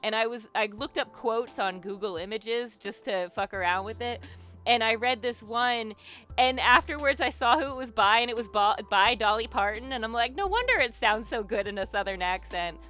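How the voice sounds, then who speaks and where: A woman's voice: fairly high pitch, normal speed, bright, forceful tone, lo-fi sound. A young woman chatting casually on a livestream as she draws, rambling with many fillers and restarts and encouraging her viewers. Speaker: livestream host leading an art therapy exercise. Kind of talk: casual livestream chat while drawing.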